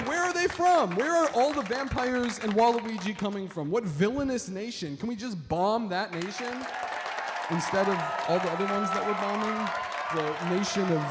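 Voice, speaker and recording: A man doing a stand-up comedy set on stage, rambling with lots of fillers and talking to the audience as folks. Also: high-pitched. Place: stage before a live audience. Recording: reverberant hall with crowd and noise.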